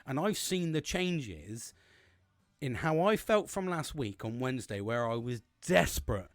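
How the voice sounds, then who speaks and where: A man's voice: medium pitch, sing-song, unhurried, no echo, studio quality. A man in his forties, hosting a podcast in a casual solo monologue, rambling and swearing with many restarts. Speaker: podcast host.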